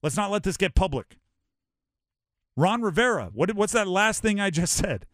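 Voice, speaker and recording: A man from Hawaii hosting a sports talk show, animated and rhetorical, often acting out quotes. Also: sits high, normal speed, no room sound, clean studio sound.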